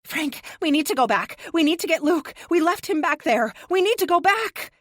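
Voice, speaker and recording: Woman doing a desperate armored heroine, shouting and pleading, high and strained, pitch swinging wide, dry audiobook sound. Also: lively intonation, moderate pace, no room sound. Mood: frantic. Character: desperate young woman hero in power armor.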